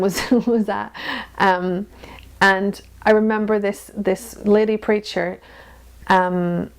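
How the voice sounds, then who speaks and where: Woman in her thirties, interview guest; candid, lively, quick to laugh, mid-pitched voice. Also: vocal fry. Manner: frank, laughs often, animated storytelling. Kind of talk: candid personal conversation.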